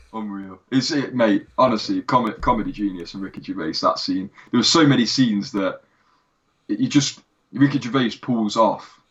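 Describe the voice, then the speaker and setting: A man co-hosting a relaxed review podcast with a somewhat low voice. He retells scenes with animated energy, breaking into laughter and calling his friend "mate". The sound is dull and lo-fi. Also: a little slow. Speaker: podcast co-host. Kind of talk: casual review chat.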